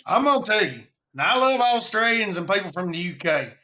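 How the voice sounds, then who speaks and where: A man's voice: high voice, very animated, fairly quick, sharp tone, dull audio. A man from Alabama with a Southern accent, hosting a casual live stream about preparedness in a folksy, rambling way.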